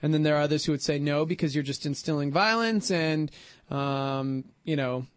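High-voiced chatty radio host. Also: male voice, dry recording. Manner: chatty, quick laughs, reads out the call-in number. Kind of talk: casual radio chat.

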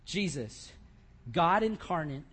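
A man preaching a sermon, moving from quiet scripture reading to loud, impassioned crying out. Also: on the high side, lively intonation, takes it slowly. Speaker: pastor.

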